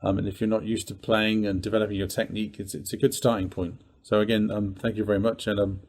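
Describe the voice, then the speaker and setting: A male percussion teacher giving a calm lesson and counting beats aloud as he plays. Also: fairly low pitch, fast, echoey room, low-quality recording. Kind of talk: instructional demonstration.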